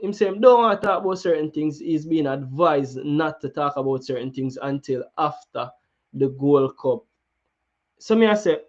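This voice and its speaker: A man's voice: sits high, dull audio. A man with a Jamaican accent hosting a football talk show, chatting casually and slipping into patois with many restarts. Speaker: football channel host. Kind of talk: casual chat.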